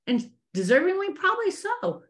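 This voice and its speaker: A middle-aged woman giving a faith-based leadership talk to women, earnest and animated, speaking to her listeners directly as ladies. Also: extremely high pitch, normal speed. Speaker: business coach teaching women.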